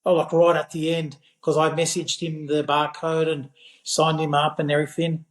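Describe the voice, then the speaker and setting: Man, high voice, podcast guest, rambling casual story, lots of fillers. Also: monotone, normal speed, reverberant. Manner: rambling anecdote with many fillers. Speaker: podcast guest, parkrun regular.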